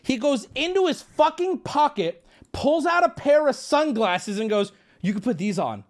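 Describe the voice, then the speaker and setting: A man hosting a livestream, telling a story to chat in a casual, animated way, swearing and breaking into yelling. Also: extremely high pitch, normal speed. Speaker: livestream host.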